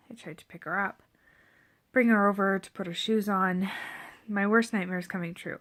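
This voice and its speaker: A pregnant young woman telling a parenting story to camera in a candid, reflective way, often dropping to a near whisper. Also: medium pitch. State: seven and a half months pregnant. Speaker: parenting vlogger.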